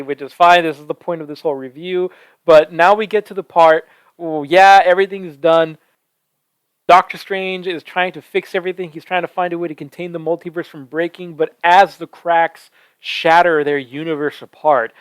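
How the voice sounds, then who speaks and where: Male reviewer, slightly raised pitch, eager and breathless, close dry mic. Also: no room sound, low-quality recording. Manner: enthusiastic, breathless with excitement. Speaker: film reviewer. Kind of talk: excited spoken movie review. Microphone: close microphone.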